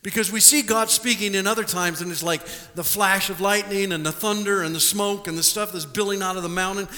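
A male pastor preaching a lively sermon to his congregation, stumbling over repeated words and asking the room questions. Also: sits high, fairly quick. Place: church sanctuary. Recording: live church recording with long hall reverb.

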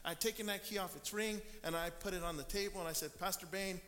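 Man, pastor, sermon, storytelling, high pitch, long hall echo. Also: quick pace, noisy background. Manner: storytelling, acts out quoted people. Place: church sanctuary. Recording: long church reverb.

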